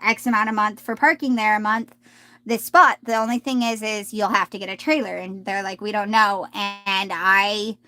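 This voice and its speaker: A woman doing a live tarot reading, talking gently and reassuringly, often restarting her sentences. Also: medium pitch, fairly even intonation, moderate pace, no echo. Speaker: tarot reader.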